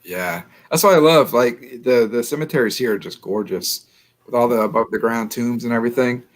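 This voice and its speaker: A man from New Orleans, a guest in a casual interview, chatty and quick to laugh, often repeating his words. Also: medium pitch. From New Orleans, USA.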